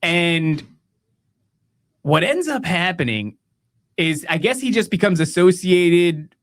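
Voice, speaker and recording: An American man hosting a podcast tells a story as a profane, mocking rant, laughing at his own tale. His voice is high and sing-song, and he takes it slowly.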